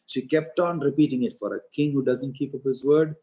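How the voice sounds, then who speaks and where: A monk delivers a storytelling sermon, retelling an epic with lively narration and offhand asides. His voice is mellow and sits at a medium pitch for a man. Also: a little fast, hardly any pauses, low-quality recording. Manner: animated retelling with casual asides. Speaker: monk giving a scripture lecture.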